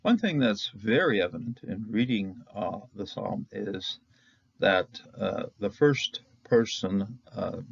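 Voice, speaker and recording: A man's voice: lowish voice, lively intonation, slow, creaky, husky, dull audio. A man teaching Hebrew grammar in an informal lecture, chatty, often chuckling and checking in with "okay?".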